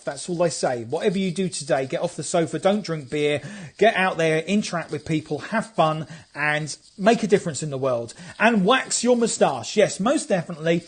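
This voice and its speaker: A man hosting a live stream as a photographer, chatting casually and playfully while reading out viewer comments. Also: high voice. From England.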